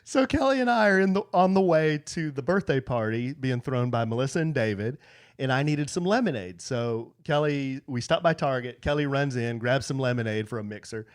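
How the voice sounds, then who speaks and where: A man's voice: mid-range voice, fairly quick, clean tone. A man in his forties co-hosting a podcast, telling a story in casual chat. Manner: animated anecdote-teller. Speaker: podcast co-host.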